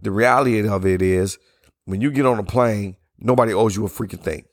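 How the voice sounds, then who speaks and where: Middle-aged male podcast host, low hoarse voice, blunt casual opinions, close dry mic. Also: a little fast, no echo. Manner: blunt, opinionated, loose and conversational; yawning between sentences. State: hoarse, strained voice from yelling. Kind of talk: casual solo podcast monologue.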